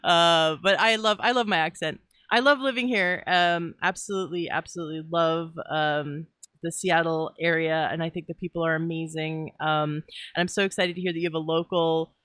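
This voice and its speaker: A woman's voice: deep voice, steady tone, moderate pace, fairly bright tone, no room sound, clean studio sound. A woman from Toronto with a Canadian accent, hosting a podcast interview and reading the outro with bubbly enthusiasm and frequent laughter. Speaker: podcast host.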